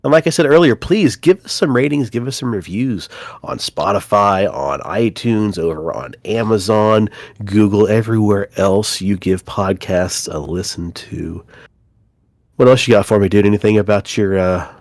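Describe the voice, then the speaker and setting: Casting note: man, congested nasal voice, slightly low, laid-back jokey podcast host, dry sound. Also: normal speed, darkish tone, dry recording. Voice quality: nasal, stuffed up. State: congested from a cold. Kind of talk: casual chat.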